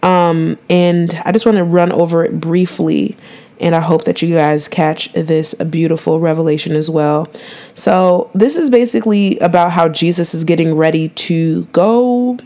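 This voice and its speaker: Chatty woman podcast host, low voice. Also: unhurried. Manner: chatty, earnest, slangy, with animated bursts. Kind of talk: casual faith podcast chat.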